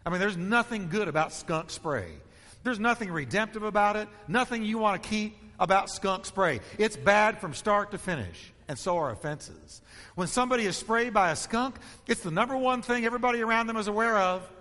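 A man's voice: high-pitched, expressive, brisk, sharp tone, long reverb tail. A man preaching a sermon as pastor, emphatic and rhythmic, stacking repeated phrases.

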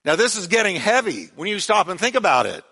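A man's voice: sits high, very animated, fast, sharp tone, breathy edge. A male pastor preaching a sermon with emphasis, repeating key words for weight.

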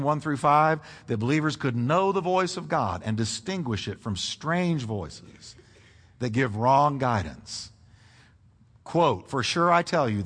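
Animated male preacher in a reverberant hall. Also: on the high side. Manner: animated preaching with congregation call-and-response. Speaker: pastor. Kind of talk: sermon.

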